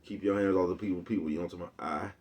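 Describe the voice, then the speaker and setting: Deep-voiced man rambling to his viewers. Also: fairly even intonation, rapid-fire, a little mellow, breathy edge. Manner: repeats a catchphrase, chuckles often, slangy and profane. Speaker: YouTube host. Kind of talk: casual rambling monologue to viewers.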